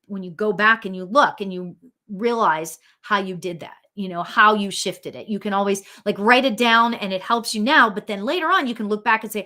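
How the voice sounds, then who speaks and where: A woman's voice: medium pitch, normal speed, bright, forceful tone. A woman hosting a live spiritual reading show, chatting casually with viewers, giggly and full of ums and restarts.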